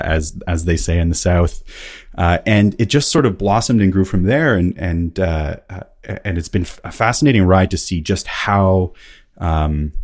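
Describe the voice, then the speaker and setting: A man with a very low, deep voice, guesting on a podcast as a consultant. He explains things in a relaxed, self-deprecating way. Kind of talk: casual interview chat.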